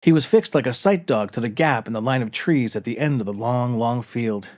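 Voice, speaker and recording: A man's voice: mid-range voice, brisk, a little mellow. A man narrating a comic short story aloud with a dry, wry delivery. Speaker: narrator reading his own short story.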